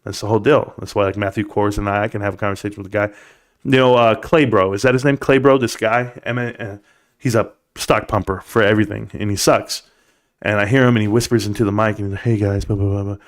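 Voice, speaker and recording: A man's voice: lowish voice, fast talker. Guy on a live stream lecturing chat about hard work, preachy and worked up. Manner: animated, preachy pep talk, reads chat aloud. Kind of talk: casual live stream monologue.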